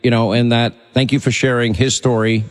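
A man's voice: mid-range voice, little pitch movement, a little fast, in a large hall. Urgent male talk radio host. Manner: urgent, insistent political talk.

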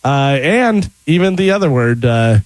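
Lively, jokey man quizmaster. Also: mid-range voice, a little slow, no room sound. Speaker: radio show host running a spelling quiz. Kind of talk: casual radio banter.

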